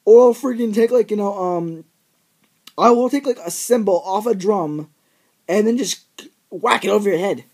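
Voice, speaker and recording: A man's voice: sits high, moderate pace, a little mellow, breathy edge. A teenage guy vlogging, ranting in an exaggerated, rambling way with lots of fillers. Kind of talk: ranting vlog monologue.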